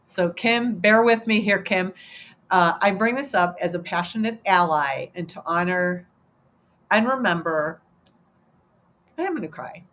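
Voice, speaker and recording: A woman's voice: on the low side, a little slow, a bit bright. A woman in her fifties hosting a casual livestream chat, talking in an emotional, rambling way with many restarts and fillers. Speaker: host.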